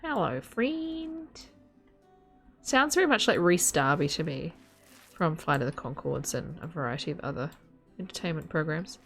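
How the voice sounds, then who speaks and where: A woman's voice: low voice, expressive, a little fast, a bit bright, faint music behind. A woman streaming a game, chatting in a rambling, giggly, casual way to her viewers and a friend. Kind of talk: casual live-stream chat while gaming.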